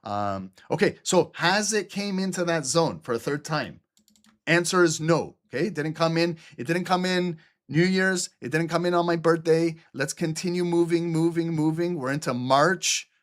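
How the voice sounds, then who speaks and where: Man from Albania, lively live-stream trading instructor, slightly higher voice, casual and repetitive. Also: normal speed. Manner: animated, repeats "okay?" and "look", casual swearing. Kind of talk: live screen-share trading lesson.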